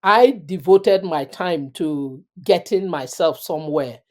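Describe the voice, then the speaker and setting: A middle-aged woman talking earnestly in an interview, reflecting in a measured way and drawing on her faith. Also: lowish voice, expressive. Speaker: guest.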